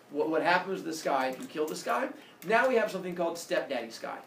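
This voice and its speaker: A male teacher tells a myth to his class in a playful, animated way, with a lively voice. He is recorded from a distance in an echoey classroom with faint background hum. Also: fairly high pitch, fast, vocal fry. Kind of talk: storytelling to a class. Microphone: far camera. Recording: echoey classroom, camera far off.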